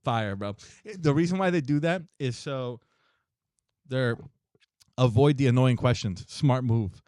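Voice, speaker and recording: A man's voice: mid-range voice, unhurried, a little mellow, dry recording, clean studio sound. A young man co-hosting a podcast in a rambling, slangy chat, with lots of restarts and laughter. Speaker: podcast co-host. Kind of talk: casual chat.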